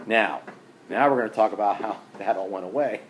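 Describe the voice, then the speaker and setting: A man's voice: fairly low pitch, brisk. A man teaching an adult Catholic faith class in a chatty, digressive lecture style, often asking the class questions. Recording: echoey room, faint ambient noise.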